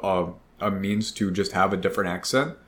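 A man's voice: sits low, moderate pace, a bit bright. A man with a Midwestern American accent, rambling in casual chat as a podcast co-host, swearing and restarting his sentences.

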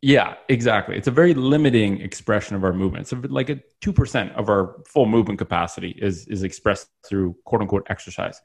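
Low gravelly man chatting animatedly. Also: fast talker, hardly any pauses. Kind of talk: casual podcast conversation.

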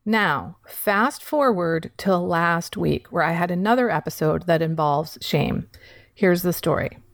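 In a candid monologue, a woman with a voice on the low side recounts her personal recovery, swearing casually. She switches between quick retelling and slow emphasis, recorded in studio quality with no echo.

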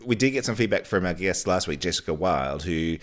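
A man co-hosting a casual podcast chat, trading teasing, quick-witted banter. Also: deep voice, lively intonation. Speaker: podcast co-host.

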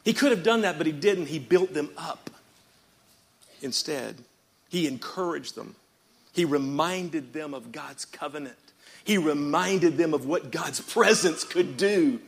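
A man pastor preaching a sermon in church, swinging from quiet reading up to shouted, rhythmic repeated phrases and calling out to the congregation. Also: a little high, expressive, measured pace, vocal fry, slight background noise. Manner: calls out to the congregation.

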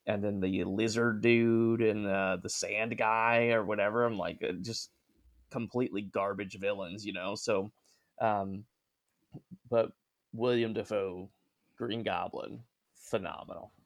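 Low gravelly dude just rambling casual opinions. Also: male voice, unhurried. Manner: loose, rambling, relaxed. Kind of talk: casual chat.

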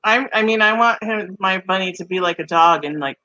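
A woman in her forties co-hosting a casual chat, telling personal stories in an unhurried way. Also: medium pitch, sharp tone, no echo, lo-fi sound. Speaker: podcast co-host.

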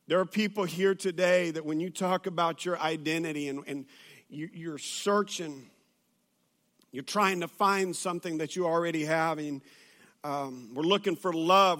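A pastor with a high, bright voice preaches a sermon before a church crowd. He tells stories with easy humor and plenty of fillers and restarts. His tone is sharp and ringing, and he speaks in a high register. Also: moderate pace. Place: church auditorium with audience.

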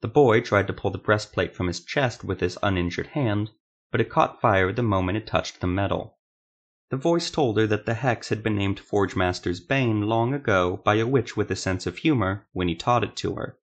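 A man reading fantasy audiobook narration in a measured, dramatic way. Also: lowish voice.

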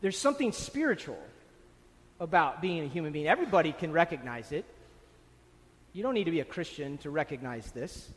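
A man's voice: on the high side, expressive, fairly quick, long pauses. A man preaching a sermon, stressing and repeating key phrases for emphasis. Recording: long hall reverb.

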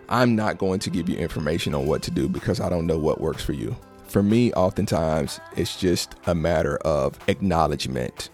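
A man hosting a solo podcast, talking in an earnest, measured, motivational way about gratitude and self-awareness. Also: deep voice, dark tone. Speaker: podcast host. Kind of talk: reflective solo podcast talk.

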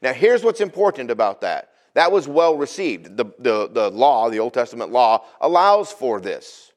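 A man preaching a sermon to his church, talking animatedly and acting out Bible figures in his own voice. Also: moderate pace. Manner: animated, acts out Bible figures with sudden pitch jumps. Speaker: pastor.

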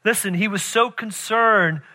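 A man preaching a sermon, telling a story with laughter and "right?" asides, then dropping to a hushed, intense delivery. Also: high-pitched, unhurried.

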